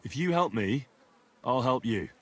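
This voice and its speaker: An actor voicing a calm, probing young male adventurer in a video game, asking steady questions. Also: mid-range voice, measured pace, a crowd in the background, lightly acted. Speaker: game protagonist.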